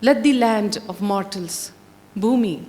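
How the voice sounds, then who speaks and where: A woman's voice: mid-range voice, takes it slowly, darkish tone, lightly acted. A woman voicing a fatherly creator god giving emphatic commands. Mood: instructive. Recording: long hall reverb.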